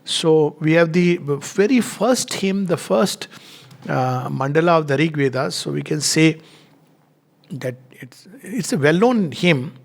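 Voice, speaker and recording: Male lecturer, fairly high voice with gravelly fry, thoughtful, pauses mid-sentence. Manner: measured, reflective, pauses with frequent "uh". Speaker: lecturer on spiritual texts. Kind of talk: explanatory spiritual lecture.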